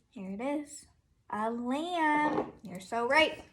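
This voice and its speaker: A young woman teacher reading a picture book aloud to young children, animated and sing-song, breaking into animal and machine sounds. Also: fairly high pitch, slow pace, pauses often, slight background noise.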